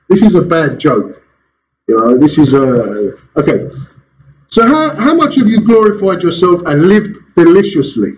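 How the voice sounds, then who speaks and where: Lively preaching man, muffled church recording. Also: fairly high pitch, a little slow, slight background noise. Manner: lively, rhetorical questions, chuckles between points. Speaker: pastor. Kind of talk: sermon. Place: church hall.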